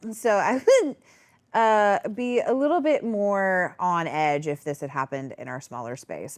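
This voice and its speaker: A woman hosting a podcast, telling a work story in casual chat, animated and swearing freely, often laughing. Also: mid-range voice, dry recording. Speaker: podcast host.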